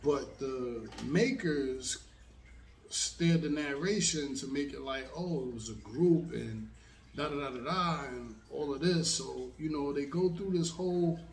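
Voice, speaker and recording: Slow, laid-back man telling a story. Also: mid-range voice, roomy sound, distant mic, slight background noise. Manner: laid-back, rambling, with many fillers. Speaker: host. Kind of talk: casual storytelling monologue.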